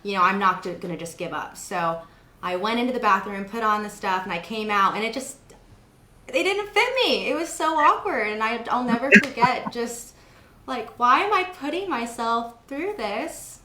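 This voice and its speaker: A young woman hosts an interview, chatting casually and telling stories packed with fillers. Her mid-range voice is expressive and moves at a normal speed, recorded in a reverberant space with background noise.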